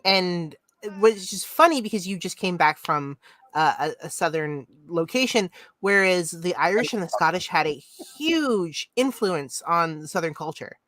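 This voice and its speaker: Low-voiced woman in dry podcast chat. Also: expressive, moderate pace, fairly bright tone, dry recording, soft background music. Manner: thoughtful, explanatory. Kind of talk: casual chat.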